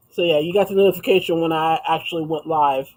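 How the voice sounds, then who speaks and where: A chatty man with a notably high-pitched voice hosts a relaxed, casual livestream. He reads viewers' comments aloud and answers them loosely and conversationally with easy laughter, though the recording quality is low.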